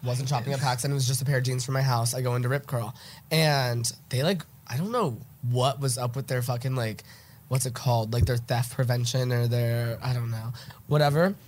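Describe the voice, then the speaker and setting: A man's voice: mid-range voice, steady tone, a little fast, slight background noise. A congested young man in his twenties, casually telling a long story full of fillers and swearing. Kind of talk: casual chat.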